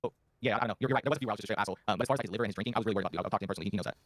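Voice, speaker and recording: A man's voice: lowish voice, very fast, no echo, clean studio sound. A man answering interview questions in a rambling, hesitant, apologetic way. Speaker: interview guest.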